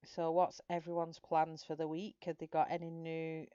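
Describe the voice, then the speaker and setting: A middle-aged woman with a low voice, rambling in easy chat with her viewers as she colours. The sound is dull and lo-fi, and very dry. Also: completely flat delivery, moderate pace, mellow, clear, resonant tone, no echo. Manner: chatty, rambling, greets viewers by name. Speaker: colouring channel host. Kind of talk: casual chat while colouring live.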